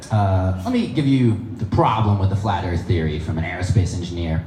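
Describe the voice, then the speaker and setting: A man's voice: low voice, fairly quick, hardly any pauses. A young man doing a stand-up comedy set on stage, with chatty, nerdy, self-deprecating delivery. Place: comedy stage before an audience. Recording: echoey room with noise.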